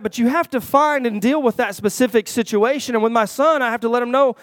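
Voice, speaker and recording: High, smooth-voiced man preaching a folksy sermon. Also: brisk, no echo. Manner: folksy, repeats words, asks the church "Is that right?"; rises louder and higher toward the close.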